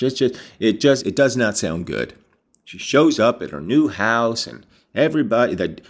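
A man reading a novel aloud, breaking off to explain passages and react with casual, sometimes profane comments. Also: mid-range voice. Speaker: audiobook reader.

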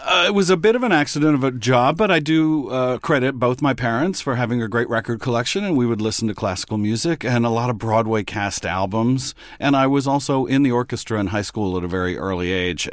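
A man from Texas, a radio host, guesting on a podcast and telling stories in an articulate, measured way. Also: mid-range voice, no room sound. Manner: articulate, measured storytelling with fillers. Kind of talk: conversational interview.

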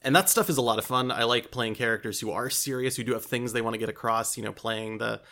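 A game designer appearing as a podcast guest chats casually in an interview, fast and in a pushed, bright mid-range voice. He's self-deprecating and often restarts his sentences with a laugh.

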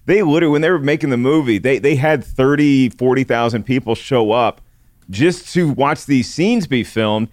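A man's voice: medium pitch, no room sound, clean studio sound. A man co-hosting a podcast in casual chat, earnest and thoughtful. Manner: earnest, thoughtful, some restarts. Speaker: podcast co-host.

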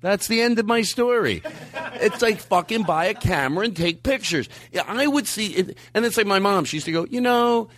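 Animated rambling podcast host, man. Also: moderate pace. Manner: rambling, animated, swings pitch up for quoted voices. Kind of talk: casual chat. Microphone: studio mic.

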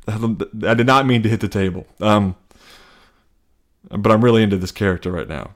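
A man hosting a comedy podcast, ranting casually and profanely, rambling with restarts and sudden jumps into high, animated bits. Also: a little fast, long pauses.

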